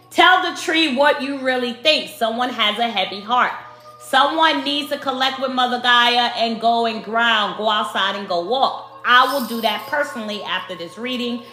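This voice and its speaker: A woman from Brooklyn with a New York accent, giving a spiritual tarot card reading to her viewers in slow, emphatic speech that addresses them as the collective. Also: a little high, sharp tone. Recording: echoey room with faint music.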